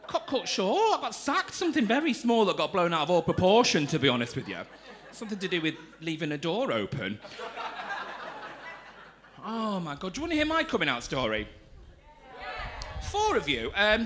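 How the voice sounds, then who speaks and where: A young man doing stand-up comedy on a club stage, teasing the audience in a camp, cheeky manner. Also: on the high side. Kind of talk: stand-up comedy with crowd work.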